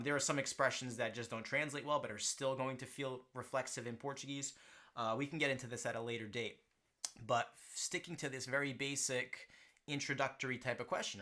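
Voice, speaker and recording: A man's voice: medium pitch, sharp tone. A man teaching a language lesson, explaining grammar and often checking in with "right?" and "okay". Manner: slows down to model pronunciation.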